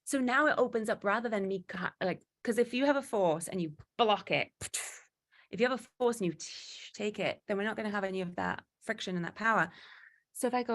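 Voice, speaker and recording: A woman giving a motivational talk, animated and acting out quoted exchanges, with frequent restarts. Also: mid-range voice, fairly quick. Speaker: guest speaker.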